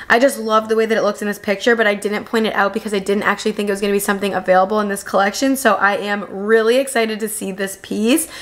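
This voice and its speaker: A woman's voice: medium pitch, fairly bright tone. Young adult woman, upbeat vlogger, raves over every piece in a chatty voice-over. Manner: gushing, enthusiastic. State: new mother. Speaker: home decor vlogger. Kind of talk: voice-over product review.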